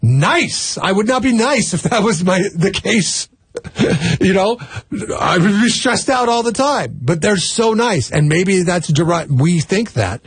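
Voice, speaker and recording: A man with a General American accent and a gravelly, husky voice, talking casually as a co-host. He restarts his sentences and laughs easily, and his voice sounds close and dry. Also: high voice, animated, measured pace, dry recording. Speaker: podcast co-host. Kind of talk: casual chat.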